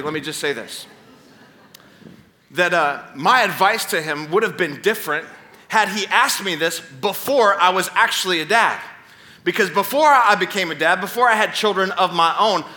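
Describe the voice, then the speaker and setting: Man preaching, high and bright voice, animated storytelling, playful asides to the crowd. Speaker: pastor. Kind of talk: sermon. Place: church stage before a congregation.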